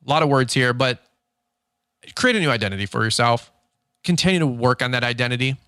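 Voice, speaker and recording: Male podcast host, 30s, candid and animated storyteller, mid-range voice, dry close recording. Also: medium pitch, dry recording. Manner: animated storyteller who reenacts conversations, frank and fired up. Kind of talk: candid motivational podcast monologue.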